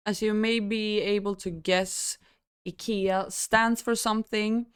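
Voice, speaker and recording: Woman from Sweden, language teacher, unhurried delivery, smooth clear voice, dry close sound. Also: medium pitch, no room sound. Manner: relaxed, thoughtful, with pauses and fillers. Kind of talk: explaining language and culture.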